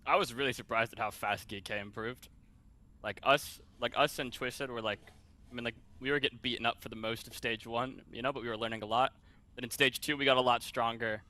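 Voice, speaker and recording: A man, a professional player, out of breath in a post-match interview, talking fast with lots of fillers. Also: medium pitch, steady tone, bright, forceful tone. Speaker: pro player.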